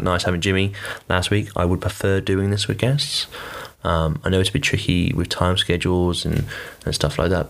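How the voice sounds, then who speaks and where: A man's voice: low-pitched, gravelly. A young man hosting his own podcast, rambling casually with lots of fillers and blunt swearing. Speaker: podcast host. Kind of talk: casual solo podcast monologue.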